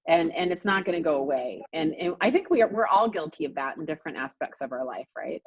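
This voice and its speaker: A woman's voice: low-pitched, expressive, fast talker, husky, dry recording, dull audio. A woman real estate coach leading a group coaching call, speaking emphatically and repeating points for stress, over a video call.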